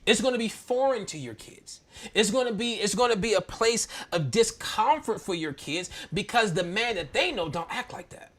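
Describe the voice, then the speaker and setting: A man in his thirties from Maryland, hosting a church talk and telling a candid personal story in an animated, slangy way, often laughing. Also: high-pitched, normal speed. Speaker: church podcast host.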